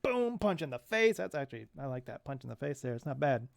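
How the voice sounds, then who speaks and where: A man's voice: medium pitch, big pitch swings, fast, gravelly, dry recording. A man in his thirties reading a comic aloud and commenting on it in a chatty way, with wry asides.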